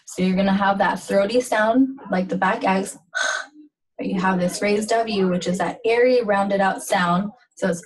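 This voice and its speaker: A woman explains sounds and words in an informal language lesson. She talks at an unhurried, deliberate pace, pausing often and filling gaps with ums. Her voice sits at an ordinary middle pitch. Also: fairly even intonation, low-quality recording. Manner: slow, halting, with many fillers. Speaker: language teacher.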